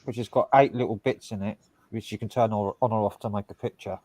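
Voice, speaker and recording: A man of middle pitch speaks bluntly in a casual chat. He swears freely and explains technical details step by step. The sound is dry and close. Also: steady tone, fast, darkish tone, no echo.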